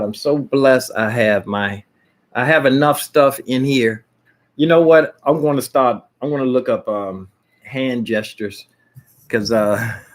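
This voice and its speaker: A man casually vlogging at home, rambling and jumping between topics with many restarts. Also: mid-range voice.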